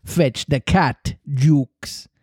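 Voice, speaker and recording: A man reading aloud and voicing a cruel male pirate captain with slow, steely, theatrical threats. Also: on the high side, a little mellow, no echo, clean studio sound. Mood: menacing.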